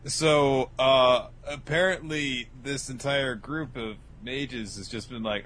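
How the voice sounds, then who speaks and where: A man's voice: mid-range voice, fairly even intonation, takes it slowly, hardly any pauses, a bit bright, slight background noise. A man co-hosting a casual comedic podcast, swearing freely and acting out lines in exaggerated voices. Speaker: podcast co-host.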